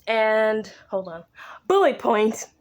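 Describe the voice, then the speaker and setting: A woman's voice: on the high side, very animated. Slangy young woman recapping a book. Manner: slangy, swears freely, acts out characters' lines in quick asides. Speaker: book vlogger recapping a novel. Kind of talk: casual chatty book recap.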